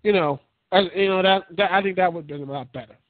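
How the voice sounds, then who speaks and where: A man's voice: high-pitched, fast, no room sound. A man hosting his own podcast, giving casual, rambling, opinionated commentary that keeps circling back on his points. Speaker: podcast host. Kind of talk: casual solo wrestling commentary. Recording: dry, tinny phone-like line.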